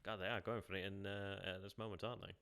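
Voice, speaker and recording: With a deep, gravelly, bright, and forceful voice, level in tone and quick in pace, this man streams a strategy game over a little hiss or hum. He mutters and second-guesses himself aloud, repeating phrases, and talks to his viewers between moves.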